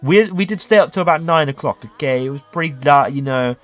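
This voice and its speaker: Streamer guy rambling through a story, kinda high voice, lots of "okay?", music low underneath. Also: a little fast. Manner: animated, cheeky, keeps adding "okay?". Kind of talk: casual storytelling on a livestream.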